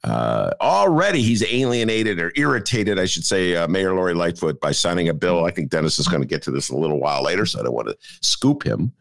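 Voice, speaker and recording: A lower-pitched older man talks local politics in a gravelly voice. His pitch jumps all over, swinging from low mutters up to high, comic bursts. The recording is close and dry, with no room sound around him. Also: brisk, hardly any pauses, dry recording. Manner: animated, jokey, slips into mock voices. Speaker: podcast co-host. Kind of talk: casual talk about local politics.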